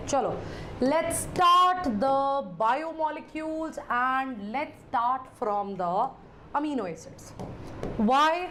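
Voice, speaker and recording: High-voiced Indian woman teacher, playful and theatrical, chatting in Hindi-laced English during a live class. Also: animated, takes it slowly, sharp tone, a little hiss or hum.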